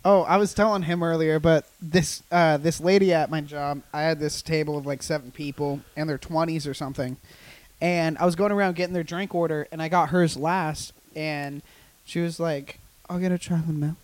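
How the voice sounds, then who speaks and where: Young dude with a pretty high voice, jokey podcast banter, dry punchlines. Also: male voice, moderate pace, no echo. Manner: joking, teasing, deadpan punchlines. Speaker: podcast co-host. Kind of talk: casual podcast chat.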